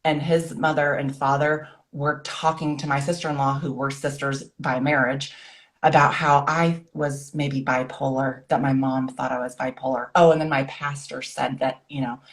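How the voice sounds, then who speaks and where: A woman in her forties with a low voice tells her own story as a guest. She talks earnestly in short bursts of phrases, and she slips into the voices of people she remembers. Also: level tone, normal speed. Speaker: guest author. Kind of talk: personal story in conversation.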